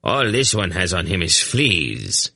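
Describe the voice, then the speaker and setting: A man voicing a rough male fur trader who complains in a rowdy, loud way. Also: low-pitched, sing-song, unhurried, dry recording, studio quality, full character voice. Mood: indignant.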